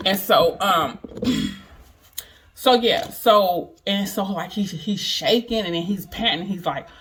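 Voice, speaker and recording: A woman's voice: mid-range voice, takes it slowly, a bit bright. Woman vlogger, casual storytelling, chatty and emphatic, mid-range voice. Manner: chatty, keeps asking "you know what I mean"; earnest, emphatic retelling.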